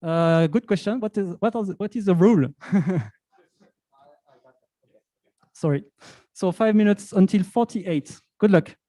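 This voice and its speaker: High-voiced man hosting a pitch event. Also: unhurried, long pauses, dark tone, no room sound. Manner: chatty, loose and rambling. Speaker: event moderator.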